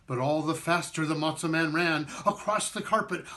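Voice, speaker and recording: A man reading a children's storybook aloud with expressive, sing-song storytelling. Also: fairly high pitch, moderate pace, hardly any pauses. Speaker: performing arts director.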